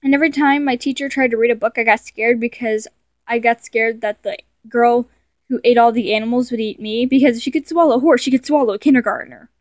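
Young woman, casual self-mocking commentary, stumbling, higher voice, dry close sound. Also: fairly even intonation, quick pace, no room sound. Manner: rambling and self-mocking, stumbles and corrects herself. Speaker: video creator. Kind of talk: casual commentary reading her childhood stories aloud.

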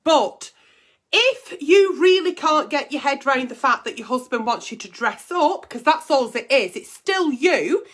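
A woman's voice: sits high, lively intonation, measured pace, a bit bright. A woman hosting an advice show, blunt and teasing, swearing freely in casual comic chat.

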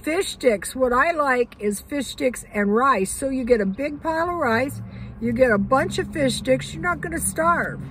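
Chatty older woman, high voice. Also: animated, measured pace, noisy background. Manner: chatty, rambling, frequent fillers. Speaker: vlogger. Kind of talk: casual budget chat.

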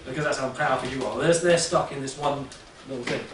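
A man with a medium-pitched voice chats quickly and loosely to a live audience, frequently tossing in "yeah?" to check they're with him. It's picked up by a distant mic in an echoey room, with faint background noise.

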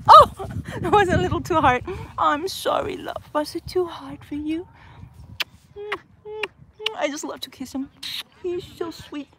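A young woman, a parrot trainer, chatting casually on a phone live stream outdoors, cooing at her bird and exclaiming excitedly. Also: sits high, slow pace, long pauses, heavy background noise. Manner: animated, cooing baby talk to her bird; frequent laughter, excited exclamations. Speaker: parrot trainer, channel host. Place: outdoors in open country.

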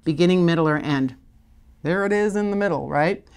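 A woman's voice: on the low side, a little fast, a little mellow, clean tone. A woman teaching a spelling lesson to learners on video, in an encouraging, conversational way with frequent check-ins. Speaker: literacy teacher.

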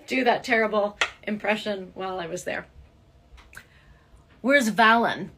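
A woman's voice: medium pitch, a little slow, fairly bright tone, a little hiss or hum. A middle-aged woman, a voice actress, chatting casually on a live stream while signing autographs and reading viewer comments aloud.

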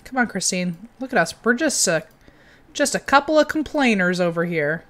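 Animated woman chatting over gameplay. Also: medium pitch, moderate pace. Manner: chatty, reacts with sudden excited outbursts. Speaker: game streamer. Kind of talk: casual gameplay commentary.

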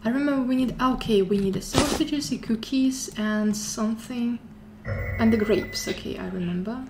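A gameplay streamer, this woman has a voice on the high side and speaks at a moderate pace while playing a horror game aloud. She sounds scared, repeating herself and whispering, with loud game music and background noise behind her.

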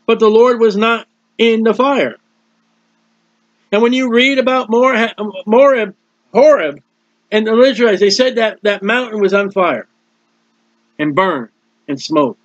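A man's voice: sits high, unhurried, pauses often, no echo. A man preaching a sermon, explaining scripture plainly and reading out the verses in turn. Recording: dull dry lo-fi recording.

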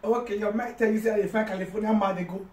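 A Nigerian-accented woman chats and teases through a casual mukbang, laughing easily and slipping into pidgin. Her voice sits at a middling pitch. The mic is set back from her in a roomy space with faint background noise. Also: steady tone, fast, a little mellow. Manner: playful, laughs often, teasing, mixes in pidgin. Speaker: vlog host. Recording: roomy sound from a distant mic.

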